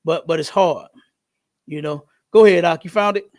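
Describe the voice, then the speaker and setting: A man hosting a podcast in casual, slangy talk, telling stories in an animated way. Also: on the high side, normal speed. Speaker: podcast host.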